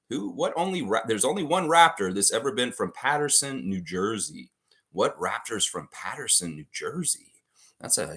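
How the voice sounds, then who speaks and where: A man's voice: mid-range voice, bright, forceful tone. A man hosting a live trivia stream, reading out questions and answering the chat as he goes.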